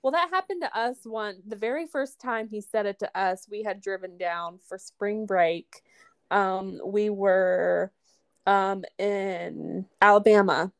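A woman's voice: medium pitch, takes it slowly, clean tone, no echo. Woman from the Midwest, casual podcast co-host, easy giggly chatter, dry booth sound. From American Midwest. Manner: chatty, laughs often, fillers like "you know". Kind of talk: casual chat.

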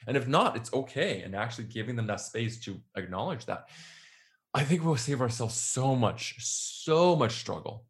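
A man in a casual podcast conversation, telling stories and acting out imagined dialogue, often sinking into a soft, low voice. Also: animated, moderate pace. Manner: storytelling, acts out imagined dialogue, drops to soft low tones.

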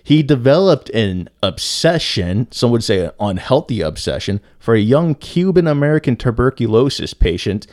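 A man's voice: medium pitch, sing-song, moderate pace, hardly any pauses, darkish tone, no echo, studio quality. A young man hosting a casual true-crime podcast, joking and swearing as he tells the story. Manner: joking, profane, playful, breaks into silly singing. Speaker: podcast host.

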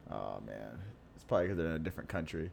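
Rambling man with a lively voice. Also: extremely low pitch, fast talker, vocal fry, slight background noise. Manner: rambling, lots of "like" fillers, laughs often. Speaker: podcast co-host. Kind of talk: casual podcast banter.

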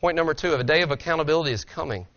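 Bright-voiced earnest preacher, dull lo-fi sound. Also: male voice, fairly high pitch, very fast. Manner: earnest, conversational preaching with rhetorical questions. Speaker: pastor. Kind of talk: sermon. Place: church sanctuary.

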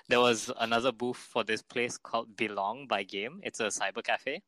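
A man's voice: medium pitch, fairly even intonation, normal speed, sharp tone, no room sound, rough recording. A young man, chatting and rambling through a story as podcast co-host. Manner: rambling storyteller, laughs a lot. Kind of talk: casual chat.

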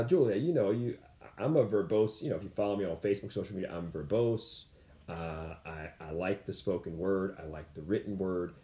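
A man's voice: fairly low pitch, dark tone. A man as an interview guest, candidly telling a personal story, rambling and repeating himself with frequent "you know" fillers. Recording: roomy echo.

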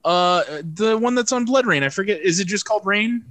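Casting note: man with a bright, high voice, joking banter on a podcast. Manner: quick joking interjections, asks questions. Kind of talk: casual chat.

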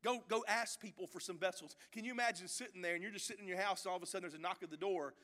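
A male pastor, preaching a sermon that swings from quiet storytelling to loud, shouted exhortation, acting out the voices in his stories. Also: high-pitched, racing.

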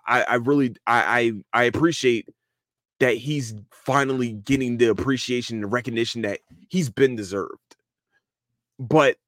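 A podcast host talking casually in a loose, profane solo rant, with lots of restarts. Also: male voice, medium pitch, dry recording, clean studio sound. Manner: animated, profane, repeats and restarts a lot.

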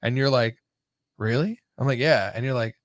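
A man hosting a casual podcast chats loosely and laughs often, padding his sentences with filler words. His voice sits in a middle pitch. The recording is dry and close. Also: flat delivery, fast talker, no room sound. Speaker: podcast host. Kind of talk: casual chat.

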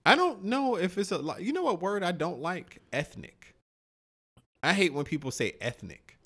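A man's voice: high voice, sing-song, moderate pace, sharp tone. A young man co-hosting a podcast, rambling in a loose, profane casual chat full of "like" and "man". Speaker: podcast co-host.

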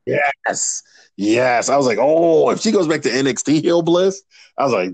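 A man co-hosting a casual podcast, telling stories in a profane, animated way. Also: mid-range voice, moderate pace, no echo. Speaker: podcast co-host. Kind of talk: casual chat.

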